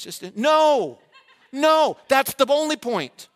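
Bright-voiced preacher man, high pitched. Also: normal speed. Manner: asks the congregation rhetorical questions and briefly acts out their replies. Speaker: pastor. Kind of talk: sermon.

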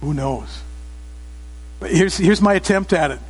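Male pastor with a high voice, emphatic sermon, long church reverb. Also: measured pace, slightly rough. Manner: emphatic, rising to loud exclamations. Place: church sanctuary.

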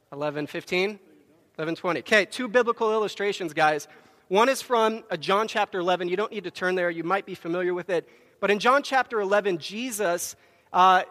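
A man preaching a Sunday sermon on a microphone, his voice notably high for a man. He tells stories with emphatic, acted-out quotes, and a long reverb trails behind him in the church. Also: bright, forceful tone. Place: church sanctuary.

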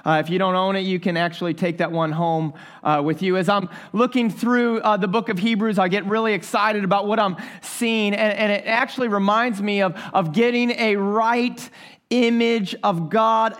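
A man in his thirties preaching a sermon, telling a personal story with animated reactions. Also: high voice, normal speed. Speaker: pastor.

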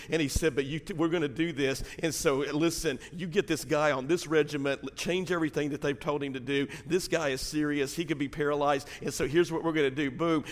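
A middle-aged man preaching a sermon as pastor, in pain from a back injury, swinging between hushed storytelling and loud, fervent preaching in a church. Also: on the high side. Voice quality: gravelly. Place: church sanctuary. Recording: long hall reverb.

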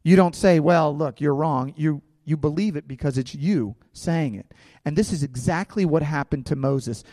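A man with a fairly high voice preaches with conviction, asking his listeners questions as he goes. His words ring out with a long reverb, as if in a large hall, though the voice itself stays close to the mic. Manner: impassioned preaching with rhetorical questions. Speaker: pastor. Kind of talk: sermon.

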